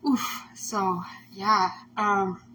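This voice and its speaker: A woman's voice: mid-range voice, little pitch movement, very slow, sharp tone, a little hiss or hum, rough recording. A woman host talking casually on a livestream, emotional and rambling, full of "like" fillers. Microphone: phone or webcam on a livestream.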